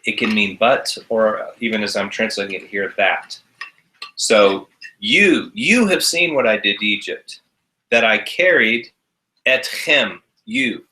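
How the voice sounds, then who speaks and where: A man's voice: on the low side, takes it slowly, pushed and bright, a little hiss or hum, rough recording. A man teaching a recorded class, explaining each step patiently. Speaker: Hebrew teacher.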